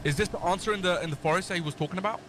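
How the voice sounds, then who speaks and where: Young male streamer, high-voiced, joking and excitable, game noise underneath. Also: rapid-fire. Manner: excitable, joking, mock-translating foreign phrases. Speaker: gaming streamer. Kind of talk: casual gaming chat.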